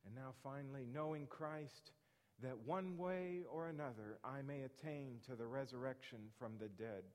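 A man's voice: fairly high pitch, darkish tone. A man preaching a sermon as a pastor, earnest, repeating his questions for emphasis. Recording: reverberant hall.

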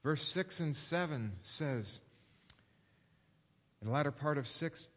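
A man preaching a sermon in a space with a long, trailing reverb. He asks his listeners question after question and slows down whenever he reads scripture aloud. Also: a little high, lively intonation. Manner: preaching with rhetorical questions, slowing for read scripture. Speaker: pastor.

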